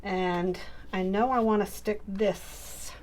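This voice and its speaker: A middle-aged woman from Maine talks through her crafting at an unhurried pace, half to herself and half to her viewers. Her chat is casual and homey, with a faint hiss of room noise behind her. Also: mid-range voice, steady tone, darkish tone. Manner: chatty, muttering to herself while working. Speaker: crafting YouTuber.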